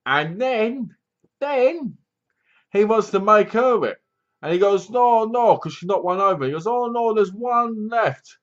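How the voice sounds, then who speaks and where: A man's voice: on the high side, highs cut off. A man retelling a film's plot in a casual review vlog, rambling along with plenty of fillers. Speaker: film reviewer.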